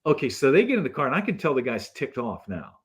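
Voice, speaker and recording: Male guest spinning a casual story, lively swooping pitch, acts out each person in it. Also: quick pace, breathy edge. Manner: animated storyteller who acts out the people in his stories. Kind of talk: casual anecdote telling.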